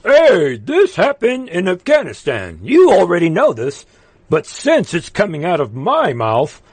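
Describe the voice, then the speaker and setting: A man's voice: high voice, wildly swooping pitch, unhurried, slightly rough, no room sound. A man hosting a political livestream, ranting fiercely and urging his viewers with repeated exhortations, then reading chat comments aloud. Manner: fiery, repetitive exhortations, swings from shouting to quiet.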